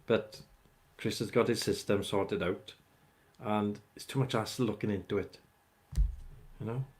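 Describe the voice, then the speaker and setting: This livestream host speaks a little slowly in a voice on the low side. In casual live chat, he rambles and greets viewers by name.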